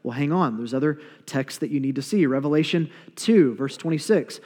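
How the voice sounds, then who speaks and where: A man preaching a sermon as a pastor, conversational and animated, with playful asides. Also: fairly high pitch, brisk, slightly rough. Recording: long reverb of a large hall.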